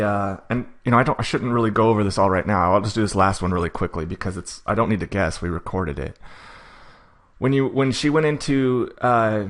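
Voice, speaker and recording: A man coaching a client for a courtroom hearing, talking fast and acting out what the judge and defendant might say. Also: fairly low pitch. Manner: fast-talking, self-admittedly rushed; acts out judge and defendant lines in quick asides. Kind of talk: coaching session recap.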